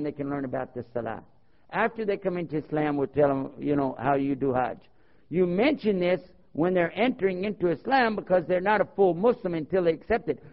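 A man preaching with a fairly high voice and plenty of rhetorical questions. He tells stories animatedly and acts out the dialogue. The sound is dull and lo-fi, like an old tape. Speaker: Muslim preacher. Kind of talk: sermon with storytelling.

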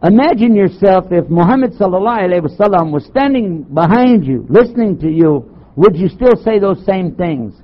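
An older man from Texas, a Muslim chaplain, preaching to an audience with sarcastic, animated storytelling and rhetorical questions. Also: high-pitched, brisk. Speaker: Muslim chaplain giving a talk. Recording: dull lo-fi tape recording.

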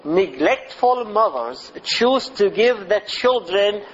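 A man preaching a sermon in a deliberate manner, building repetitive lists. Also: high voice, sing-song, a bit bright, highs cut off, a little hiss or hum.

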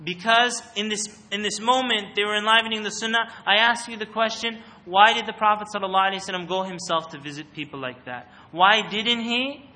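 Male speaker giving a religious talk on a mic, fairly high and very bright, quizzes the crowd. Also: fairly quick, few pauses. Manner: questions the audience and calls on them. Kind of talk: interactive religious talk to an audience. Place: room with a live audience. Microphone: microphone.

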